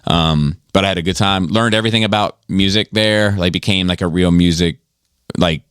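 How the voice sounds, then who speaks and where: Brief: deep-ish male podcast host, loose, rambling, swears a lot, dry mic. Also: a little fast, a bit bright, smooth, dry recording. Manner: rambling, profane, many fillers. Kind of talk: casual storytelling.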